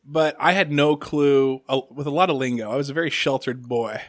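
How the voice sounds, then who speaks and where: A man's voice: medium pitch, fairly even intonation, brisk, a bit bright, no echo, studio quality. A man hosting a podcast, telling stories in casual chat and acting out the voices of people in them. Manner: storytelling, acts out voices from his stories. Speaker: podcast host.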